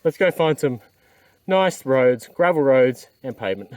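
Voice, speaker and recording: A man's voice: mid-range voice, expressive, measured pace, background noise. An exhausted man, talking casually to an action camera while riding a motorbike outdoors. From Australia. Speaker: adventure motorcycle vlogger. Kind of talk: casual vlog narration. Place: outdoors on a dirt trail.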